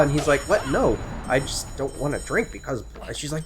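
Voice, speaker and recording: A man's voice: mid-range voice, a little fast, few pauses, slight background noise. Young man rambling through a story. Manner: rambling, animated retelling of a story with asides and swearing. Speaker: co-host. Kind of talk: casual chat while gaming.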